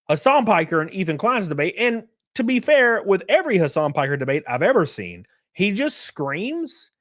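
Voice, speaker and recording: A man's voice: fairly high pitch, low-quality recording. A man hosting a livestream, talking bluntly and crudely and laughing often. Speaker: livestream host. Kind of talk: casual livestream commentary.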